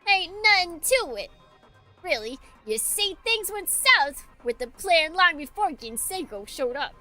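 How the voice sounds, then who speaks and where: A woman's voice: extremely high pitch, very animated, unhurried, bright, forceful tone, soft background music, pitched above the performer's own voice, full character voice. A woman voicing a smug, sly male officer with a put-on Southern US drawl and folksy slang.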